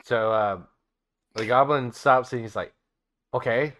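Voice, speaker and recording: A man narrating as game master, chatty, laughing often and dropping his voice low to narrate. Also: measured pace, fairly bright tone.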